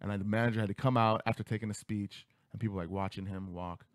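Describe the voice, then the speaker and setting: A man in his thirties telling a childhood story on a radio talk show, acting out voices with big jumps in pitch. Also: fast, no room sound, studio quality. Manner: animated, acts out quotes with big pitch jumps. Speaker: podcast host. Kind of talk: casual storytelling. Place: studio.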